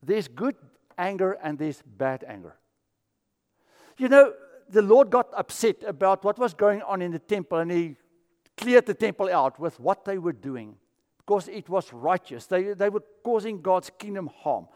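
High-voiced pastor preaching. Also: male voice, lively intonation, normal speed, a little mellow, big-room sound. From South Africa. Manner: storytelling, acts out quoted voices. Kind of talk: sermon.

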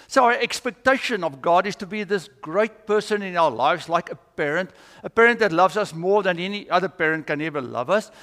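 A man's voice: high voice, fairly bright tone. A man preaching a sermon in a church, earnest and telling stories as he teaches. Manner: earnest, storytelling. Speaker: pastor. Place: church sanctuary. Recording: long church reverb.

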